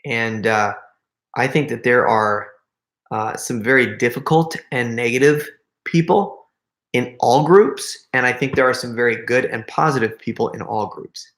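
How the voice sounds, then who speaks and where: A man's voice: medium pitch, unhurried, fairly bright tone, reverberant. A middle-aged man hosting a casual livestream Q&A, rambling and chatting straight to his viewers. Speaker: YouTube prankster and channel host.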